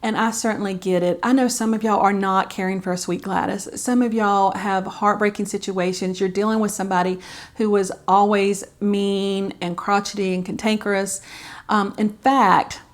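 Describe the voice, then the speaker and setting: A woman's voice: mid-range voice, steady tone, moderate pace. A middle-aged woman, talking candidly to camera as a caregiver vlogger, chatty and heartfelt with many fillers. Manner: chatty and heartfelt, with frequent fillers and soft laughs. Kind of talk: candid personal vlog talk.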